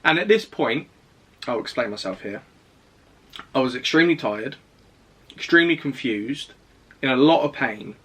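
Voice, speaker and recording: A man's voice: medium pitch, expressive, moderate pace, pauses often, fairly bright tone, husky. A young man, casually recounting a personal story to camera in a rambling, self-deprecating way. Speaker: fitness vlogger.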